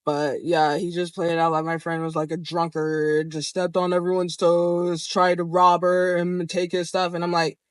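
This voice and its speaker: A young adult vlogger telling a story straight to camera, animated and expressive, swearing often. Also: medium pitch, normal speed, hardly any pauses, smooth, no echo. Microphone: camera framed close to the speaker.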